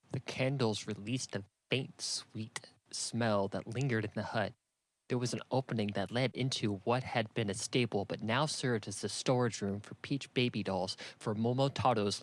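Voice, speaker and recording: A man narrating an audiobook in an even, matter-of-fact reading. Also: fairly low pitch, no room sound. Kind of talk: scripted narration.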